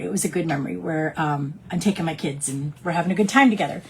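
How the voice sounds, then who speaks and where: A middle-aged woman teaching fragrance blending in a chatty, animated storytelling way. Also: medium pitch, slightly rough. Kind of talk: casual teaching talk.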